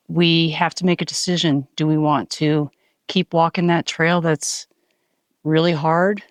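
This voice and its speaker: A woman speaking calmly and encouragingly as a hiking companion on a mountain summit, recorded on a handheld phone. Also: sits low, dry recording. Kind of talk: casual trail vlog.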